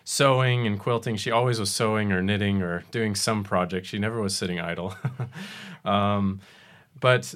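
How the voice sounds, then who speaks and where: Low-voiced man hosting a podcast. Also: moderate pace, fairly bright tone. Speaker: podcast host. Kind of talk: hosted conversation.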